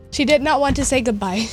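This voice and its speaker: A woman's voice: high-pitched, breathy edge. A woman streaming from her home desk, chatting playfully and slipping into baby talk with her cat. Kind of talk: casual live-stream chat.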